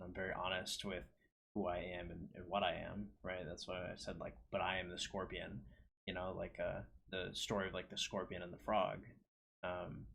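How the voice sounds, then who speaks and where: A man talking alone in a reflective monologue, hesitant, with many pauses and restarts. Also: low voice, creaky, fairly bright tone, a little hiss or hum. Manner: hesitant, lots of ums and restarts. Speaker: solo talker reading his own poem.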